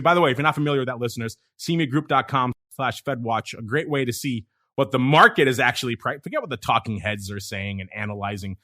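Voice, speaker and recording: A man hosting a podcast, talking energetically and reading out listener questions in a casual, chatty way. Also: medium pitch. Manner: energetic, talkative, reads listener questions aloud. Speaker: podcast host.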